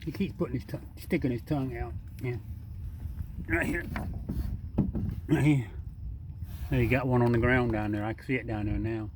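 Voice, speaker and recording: A man's voice: mid-range voice, steady tone, fast, noisy background. Guy talking to a raccoon outside at night, folksy and teasing, pretty plain middle voice. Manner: folksy, teasing, coaxing an animal. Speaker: backyard wildlife feeder. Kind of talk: casual talk to an animal while filming. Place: outdoors at night by a water drum.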